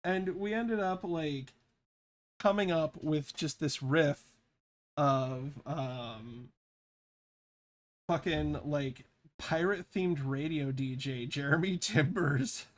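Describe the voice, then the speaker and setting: A man's voice: a little high, takes it slowly, long pauses. A man in his thirties, chatting casually while drawing pixel art, rambling and swearing freely. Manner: rambling, swears freely, laughs at own stories. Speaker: pixel artist and vlogger.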